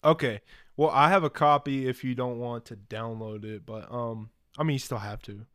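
A man's voice: medium pitch, fairly even intonation, normal speed, fairly bright tone, no echo, studio quality. A man co-hosting a casual podcast chat, laid-back, swearing freely and laughing often. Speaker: podcast co-host.

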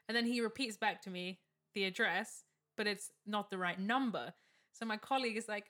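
Co-hosting a casual chat, this young woman speaks fast in a voice on the high side. She's an animated storyteller, laughing a lot and acting out the quotes in her story.

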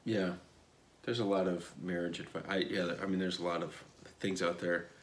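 A man's voice: low-pitched, flat delivery, normal speed, a little hiss or hum. A man from Nebraska with a Midwestern American accent, co-hosting a podcast from a cabin with dry, laid-back humor, recorded through wireless earbuds. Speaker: podcast co-host. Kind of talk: casual podcast chat.

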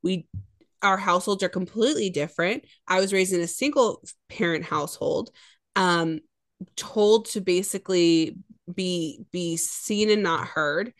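A woman in her thirties co-hosting a podcast, talking candidly and reflectively about parenting and her own childhood. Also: fairly low pitch. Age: 30s. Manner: candid, reflective, quick asides. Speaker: podcast co-host. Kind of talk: casual chat.

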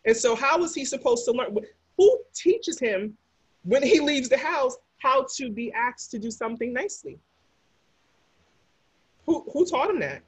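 A woman with a slightly husky, breathy edge talks through relationship patterns on a podcast. She leans into each point and repeats it for emphasis. The sound is close and dry, with no room around her. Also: sits high, animated, unhurried, long pauses, no echo. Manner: emphatic, repeats key phrases for effect. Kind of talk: podcast conversation.

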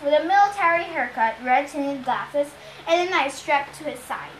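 Child reading a novel aloud, high voice. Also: expressive, moderate pace, a bit bright, reverberant, a little hiss or hum, poor audio. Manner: reads with slips and restarts, repeating stumbled words. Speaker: reader of a novel.

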